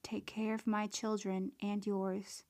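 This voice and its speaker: A dying man on the cross, whispered by a woman reading a prayer book, speaks his last goodbye in a faint, unvoiced hush. The voice stays soft and level, with little rise or fall. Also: medium pitch, little pitch movement, moderate pace, natural voice. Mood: tender farewell.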